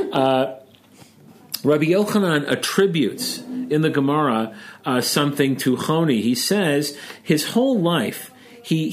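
A man from Chicago hosting a casual discussion, talking in a chatty, joking way and retelling a story. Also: on the high side. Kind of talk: casual discussion of Jewish texts.

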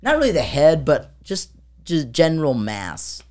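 Woman, low pitch, animated intonation, casual storytelling, filler words, podcast co-host. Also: a little slow. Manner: rambling with many fillers, acts out sounds.

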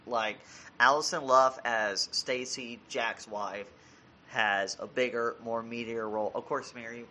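Slow-talking bright-voiced man. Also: mid-range voice, fairly even intonation, slight background noise. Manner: earnest, halting with restarts. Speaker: podcast reviewer. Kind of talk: casual review chat.

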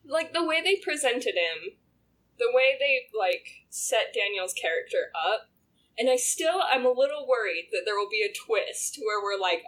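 Husky-voiced chatty woman co-host. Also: fairly high pitch, measured pace. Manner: chatty, animated, laughs often. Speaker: podcast co-host. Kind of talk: casual chat reviewing a TV drama.

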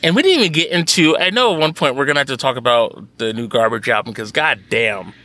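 A man co-hosting a podcast in casual chat, animated and laughing, swearing freely. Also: mid-range voice, fast talker, a little hiss or hum. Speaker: podcast co-host.

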